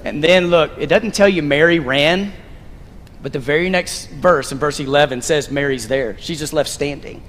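Pastor, male, high voice, lively stage preacher with a joking touch; long hall reverb. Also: moderate pace, a little hiss or hum. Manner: animated, directing volunteers on stage with playful asides. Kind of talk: sermon. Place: church stage. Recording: long reverb of a large sanctuary.

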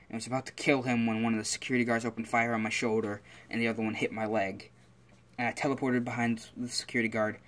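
A man voicing a wounded young male assassin who reports what happened in a flat, matter-of-fact way. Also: lowish voice, natural voice.

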